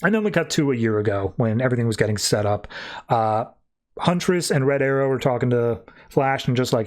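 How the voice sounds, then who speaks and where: A man's voice: mid-range voice, animated, brisk. A man hosting a podcast, casually recapping a comic book issue and leaning on "like" as he retells the plot. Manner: chatty, peppered with "like". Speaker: podcast host.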